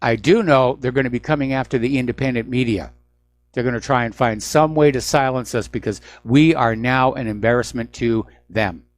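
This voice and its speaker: A man's voice: medium pitch, normal speed, no room sound. A man hosting a radio news talk show, delivering an emphatic, indignant commentary monologue.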